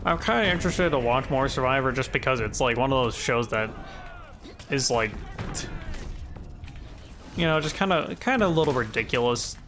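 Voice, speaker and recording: A man's voice: mid-range voice, expressive, normal speed, long pauses, background noise. A man giving casual gameplay commentary as a video creator, rambling with lots of fillers and chuckling at himself. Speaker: gaming YouTuber.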